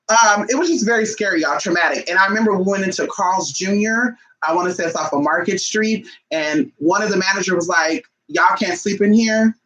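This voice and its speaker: A woman vlogger telling a story to her viewers in a casual, animated and profane way, calling them "y'all". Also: on the low side, low-quality recording.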